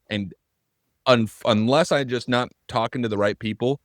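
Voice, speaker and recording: A man's voice: medium pitch, moderate pace, no echo, clean studio sound. A man co-hosting a podcast in casual conversation, earnest and thinking aloud with frequent restarts. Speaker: podcast co-host.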